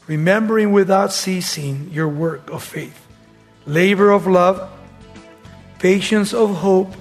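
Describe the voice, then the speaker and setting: Male radio preacher, high voice, reads verses with building emphasis. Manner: reads scripture with rising emphasis. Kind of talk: sermon with scripture reading.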